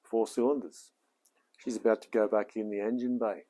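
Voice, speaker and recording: Low, husky Australian man muttering. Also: level tone, moderate pace, mellow. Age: 40s. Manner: mutters and chats to himself. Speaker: home mechanic vlogger. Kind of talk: casual self-talk while working.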